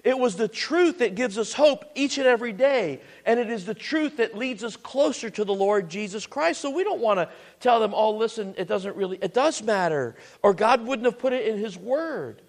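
A man's voice: high voice, animated, moderate pace, hardly any pauses. A man preaching a sermon as pastor, earnest and full of restarts and asides.

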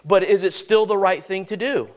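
A man's voice: sits high, moderate pace. A man preaching a sermon as pastor, asking the congregation questions and often repeating words as he goes.

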